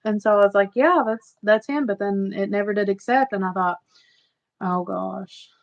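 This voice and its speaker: A chatty woman rambles to her viewers as she hosts a casual livestream. Her voice sits at an ordinary middle pitch. The audio is slightly muffled and lo-fi. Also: normal speed, creaky. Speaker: livestream host.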